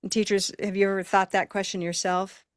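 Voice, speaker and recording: A woman's voice: medium pitch, little pitch movement, fairly quick, dry recording. Laughing woman teacher on a dry video call. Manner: laughing, questions the learners. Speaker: teacher and co-host. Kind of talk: live online English lesson.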